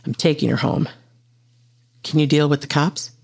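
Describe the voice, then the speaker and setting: Man reading as a sardonic agent, slow dry drawl, raspy and gravelly. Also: on the high side, level tone, dry recording. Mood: gruff. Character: gruff, sardonic monster-hunting male agent.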